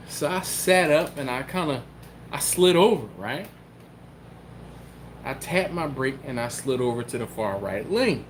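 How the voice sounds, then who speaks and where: This YouTube host, from around Philadelphia, chats casually through a story on a live stream in a voice on the high side, at a normal pace. He gets animated performing the quotes and cat sounds, and a faint hiss or hum is audible.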